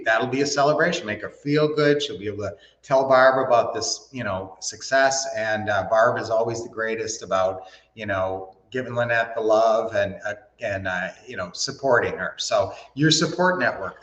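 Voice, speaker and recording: A man's voice: medium pitch, fairly bright tone. A man hosts a casual livestream and gives business advice in a folksy, meandering way. He backs up often and fills gaps with "uh" and "you know." His voice carries room echo, and the recording sounds muffled and lo-fi. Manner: folksy, rambling, with many fillers and restarts. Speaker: host. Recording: roomy, dull lo-fi sound.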